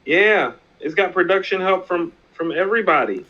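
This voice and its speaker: A man co-hosting a casual hip hop talk show, animated and emphatic, repeating himself for effect. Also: high-pitched, moderate pace, lo-fi sound. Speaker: podcast co-host.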